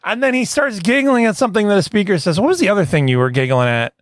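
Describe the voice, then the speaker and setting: A man's voice: high voice, fast talker, no echo, studio quality. A man co-hosting a comedy podcast, telling stories in casual chat and laughing often. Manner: animated storyteller, laughs often. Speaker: podcast co-host.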